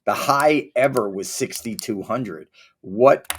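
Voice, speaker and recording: A man's voice: medium pitch, slow pace, slightly rough. A man co-hosting a trading show, talking markets in a candid, rambling way with many fillers and some teasing. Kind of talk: casual market chat.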